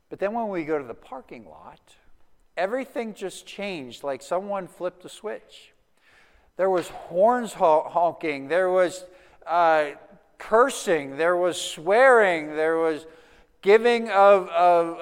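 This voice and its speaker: A man's voice: sits high, clean tone, long reverb tail. A man preaching a sermon as pastor, talking in a loose, conversational way with frequent restarts. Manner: conversational, animated storytelling with restarts.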